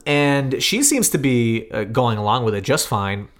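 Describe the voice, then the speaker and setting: Thirty-something guy cohosting a podcast, chatty, animated, pokes fun at himself. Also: mid-range voice, normal speed. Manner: animated, self-deprecating storyteller with laughs. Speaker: podcast co-host. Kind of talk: casual storytelling chat.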